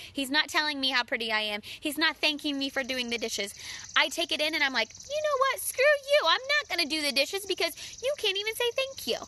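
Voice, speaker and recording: A woman's voice: high-pitched, sharp tone. A married woman talking earnestly about relationships, speaking straight to listeners as her friends and acting out her own quoted lines. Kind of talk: casual direct-to-camera talk.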